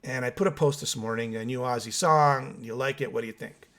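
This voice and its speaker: A man's voice: medium pitch, brisk, a bit bright. Chatty opinionated man hosting a podcast. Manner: opinionated, chatty, addresses viewers directly. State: still waking up with coffee. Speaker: host of a metal music channel. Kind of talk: casual solo podcast reacting and reading comments.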